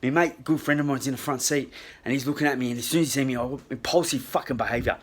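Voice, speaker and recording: Australian man, husky voice, rapid delivery, constant swearing, casual storytelling, phone mic. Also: medium pitch. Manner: swears constantly, rambling and animated. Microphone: handheld phone.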